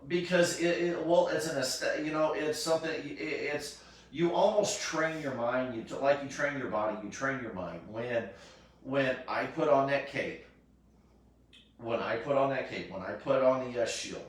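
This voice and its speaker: A man's voice: mid-range voice, moderate pace. A man hosting a casual charity live stream, rambling with lots of fillers and restarts. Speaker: charity cosplay event host. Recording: echoey room, distant mic.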